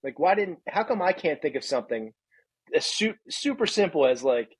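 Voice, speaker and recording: A man's voice: fairly high pitch, big pitch swings, moderate pace, husky, no room sound, rough recording. A man in his thirties co-hosting a podcast in casual chat, ranting and laughing at his own jokes. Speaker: podcast co-host.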